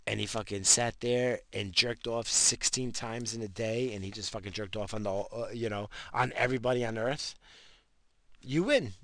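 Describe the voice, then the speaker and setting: A man hosts a casual talk-show podcast, delivering a crude, rambling rant and swearing constantly. His voice is lowish with a fairly bright tone, recorded with no echo.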